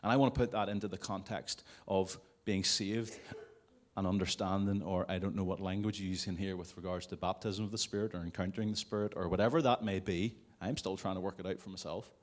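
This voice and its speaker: Low-voiced man preaching conversationally. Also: steady tone, a little fast. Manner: conversational, with jokey asides. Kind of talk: sermon. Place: church service before a congregation.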